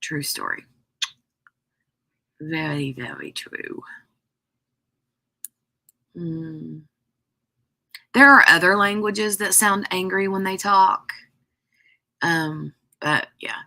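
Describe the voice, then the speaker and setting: Woman, craft live-stream host, unhurried rambling chat, lowish bright voice. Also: animated. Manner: chatty and rambling, full of "like" and "um". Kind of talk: casual live-stream chat, answering viewers.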